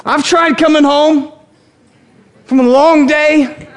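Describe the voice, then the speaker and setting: A married man delivers a sermon in a strikingly high voice for a man. He is humorous and animated, slipping into quick acted-out quotes as he teaches. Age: adult, married. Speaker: pastor.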